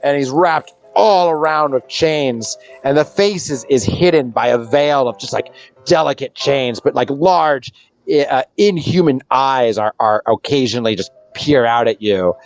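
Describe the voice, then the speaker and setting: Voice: mid-range voice, a little slow, faint music behind. A game master narrating a tabletop game scene in a loose, rambling way full of restarts. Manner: rambling, many fillers and restarts.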